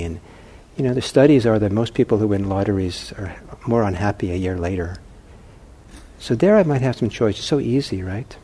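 A man teaching meditation who answers questions from the audience in a calm, gently humorous way and thinks aloud as he talks. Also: on the low side, moderate pace, slightly rough.

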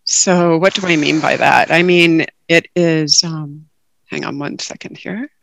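Slow, calm woman teaching meditation. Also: low-pitched, vocal fry, dry recording. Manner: calm, reflective, unhurried teaching. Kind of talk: dharma talk.

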